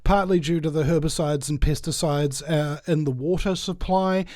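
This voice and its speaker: A man's voice: a little high, moderate pace, darkish tone, dry recording, clean studio sound. A man with a New Zealand accent, a guest on a podcast, telling meandering anecdotes in casual chat. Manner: digressive, anecdotal storytelling.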